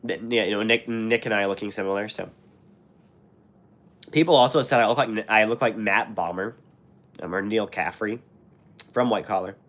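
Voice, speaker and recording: Sick and scratchy-throated, a young man from the US hosts a live stream, rambling through the chat and comments with many fillers and restarts. He talks at a normal speed with long pauses, in a slightly low, fairly bright voice.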